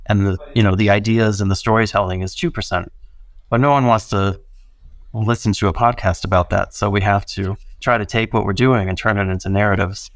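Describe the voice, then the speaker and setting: A man's voice: on the low side, fairly even intonation, a little fast, dry recording. A man co-hosting a casual podcast, explaining points earnestly with fillers. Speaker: podcast co-host.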